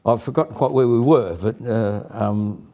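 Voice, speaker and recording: A man's voice: medium pitch, moderate pace, mellow, dull audio. A man from Australia, a guest in a casual studio interview, who hesitates and repeats his words.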